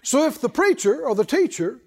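A male pastor preaching a sermon in an emphatic call-and-response style, shouting some refrains. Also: very high voice, very animated, moderate pace.

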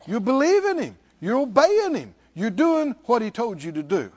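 A man's voice: very high voice, sing-song, normal speed, breathy edge, muffled recording. A middle-aged man preaching a sermon as pastor, emphatic and calling out to the congregation.

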